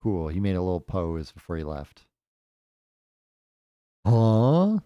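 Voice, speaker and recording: A man's voice: deep voice, big pitch swings, slow, pauses often, mellow, clear, resonant tone, dry recording, clean studio sound. A man casually commentating as he plays a game for the first time, thinking aloud with jokey asides. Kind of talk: casual let's-play commentary.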